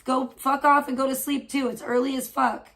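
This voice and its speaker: A woman's voice: sits high, flat delivery, moderate pace, creaky, a bit bright. A woman livestreaming from home in casual chat, gossiping and swearing freely while scolding her pet cat. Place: at home indoors.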